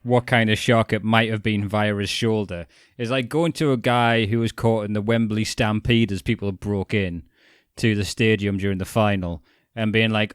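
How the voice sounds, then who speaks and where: A man's voice: fairly low pitch, fairly even intonation, normal speed, clear, resonant tone, no room sound, clean studio sound. A man co-hosting a casual podcast, joking and swearing as he retells scenes. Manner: joking, profane, acts out scenes in silly voices. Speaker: podcast co-host. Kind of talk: casual chat.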